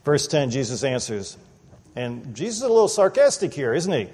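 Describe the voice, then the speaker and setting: Animated preacher in an echoing hall. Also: male voice, mid-range voice, moderate pace, breathy edge. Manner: animated, acts out quoted voices, conversational asides. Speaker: pastor. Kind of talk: expository sermon. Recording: long reverb of a large hall.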